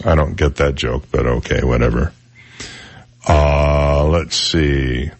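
A man's voice: rumbling low, steady tone, slow pace. A male radio talk host reading jokes aloud in a dry, sarcastic manner.

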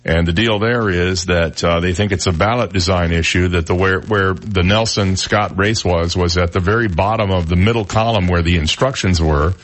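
A man's voice: low-pitched, normal speed, few pauses, a bit bright. A man hosting a talk radio show, chatting casually and reading news stories with wry, joking asides.

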